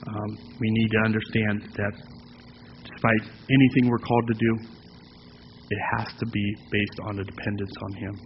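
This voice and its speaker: A man preaches a sermon in a somewhat low voice, in a relaxed, conversational way that stops and restarts now and then. Long reverb from the sanctuary surrounds him. The sound is dull, with a faint hum of room noise behind it. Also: moderate pace. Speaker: pastor.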